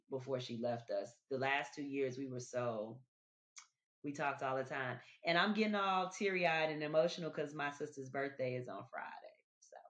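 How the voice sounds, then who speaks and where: Chatty woman on a dull lo-fi recording. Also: extremely low pitch. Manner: chatty, repeats words, addresses listeners directly. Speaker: podcast host. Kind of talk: casual reflective podcast monologue.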